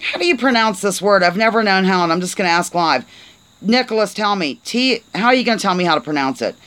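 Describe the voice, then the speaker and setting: A chatty woman hosting a casual live stream, with a playful, rambling way of talking and a bright, sharp tone. She reads aloud in fits and starts and cheerfully trips over words as she goes. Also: medium pitch, expressive, fast talker, poor audio. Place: on a porch, outdoors.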